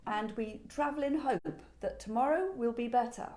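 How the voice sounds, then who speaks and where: A woman who owns a shop, chatting expressively and often pausing on "um". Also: fairly high pitch, darkish tone, low-quality recording. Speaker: furniture shop owner and host. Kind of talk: casual chat. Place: in her shop.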